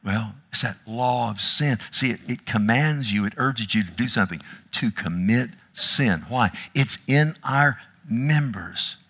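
A man preaches with a bright, forceful tone. He climbs into loud, urgent cries, then sinks to a hushed plea, and he keeps calling his listeners "loved one". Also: measured pace, hardly any pauses. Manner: impassioned, swings from loud rising cries to low hushed pleading. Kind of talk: sermon.

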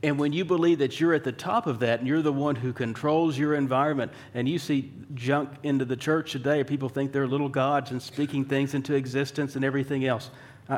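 A man preaching a sermon in a conversational way, asking rhetorical questions and slipping in dry, wry humor. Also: medium pitch. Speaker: pastor.

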